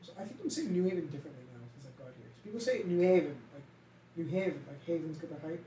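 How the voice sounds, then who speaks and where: A young Massachusetts man with a heavy Boston accent rambles through a casual podcast chat, swearing now and then. His slightly high voice is sing-song, warm and rapid-fire, recorded from a distance in an echoey room with a little hiss or hum.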